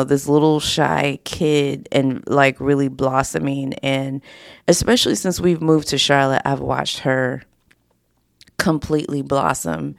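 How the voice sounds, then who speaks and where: A woman's voice: low voice, gravelly, clear, resonant tone, no echo, clean studio sound. A woman hosting her own podcast, talking in a chatty, candid, casual way. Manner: chatty and candid, with frequent fillers and laughs. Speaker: podcast host. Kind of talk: casual solo podcast talk.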